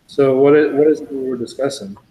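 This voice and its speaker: A man with a mid-pitched voice joins a casual livestream chat and explains his points loosely, with plenty of fillers. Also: steady tone, fairly quick, warm tone, rough recording.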